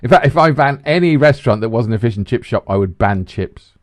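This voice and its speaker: A man's voice: mid-range voice, brisk, no room sound. A man from the bantering casually on a podcast as a co-host, laughing and swearing as he talks. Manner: animated, swearing, laughs often.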